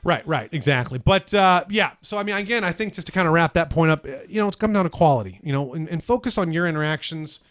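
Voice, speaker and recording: Casting: male podcast co-host, slightly higher voice, earnest and preachy in casual chat. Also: animated, fast talker, hardly any pauses, fairly bright tone. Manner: earnest, preachy, repeats words.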